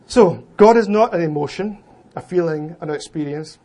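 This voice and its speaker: Male academic presenter, voice sits a little high; reads a prepared paper to a seated room, measured and emphatic. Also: mellow. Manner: deliberate, emphatic reading with occasional restarts. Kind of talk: lecture reading from a prepared paper. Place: lecture room with an audience.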